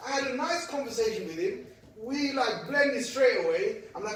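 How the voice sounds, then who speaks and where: Man, lively storytelling lecture, high voice, booming hall echo, distant from the mic. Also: normal speed, a little hiss or hum. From Britain. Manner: animated, acts out voices, laughs at his own jokes. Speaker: Islamic lecturer. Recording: echoey hall, speaker far from the mic.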